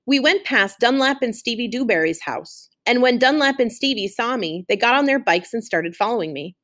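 A woman's voice: on the high side, animated, moderate pace, fairly bright tone. A woman teacher recapping and reading a chapter aloud to a class in a friendly, chatty way.

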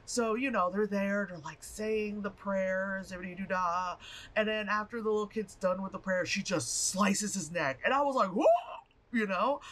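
Dude rambling thru a movie review, swears a lot, high bright voice that jumps all over. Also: male voice. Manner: animated, profane, rambling with fillers and laughs. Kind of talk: casual movie review vlog.

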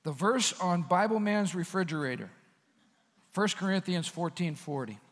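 A man preaching a sermon as pastor, in a conversational, animated style with asides to the congregation. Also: high-pitched, moderate pace, in a large hall. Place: church sanctuary.

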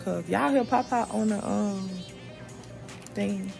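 Young woman vlogger at home, relaxed slangy chat, speaks slowly with a gravelly edge. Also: medium pitch, loud music behind the voice. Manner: chatty, playful, Southern US slang. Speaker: vlogger and mother. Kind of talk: casual vlog talk to viewers. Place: home, indoors.

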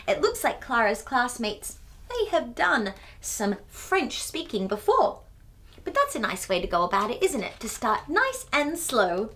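A woman's voice: fairly high pitch, wildly swooping pitch, measured pace, a bit bright. A woman reading a picture book aloud to children, adding chatty asides with gasps and giggles. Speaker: children's storyteller.

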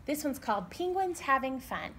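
A woman librarian leading a baby storytime, reading aloud in a slow, sing-song, expressive way. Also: high voice, slight background noise. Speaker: children's librarian.

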